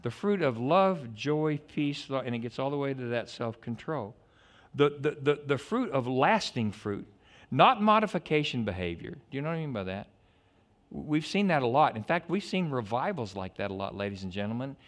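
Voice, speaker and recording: Man, pastor, sermon, middle-aged, animated, digressive, loud-to-hushed swings. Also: medium pitch, moderate pace.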